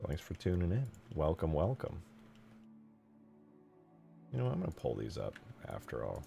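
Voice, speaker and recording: A man's voice: very deep voice, wildly swooping pitch, moderate pace, vocal fry, dark tone, faint music behind. A young man hosting a casual livestream, rambling, joking and swearing freely as he chats. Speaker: livestream host.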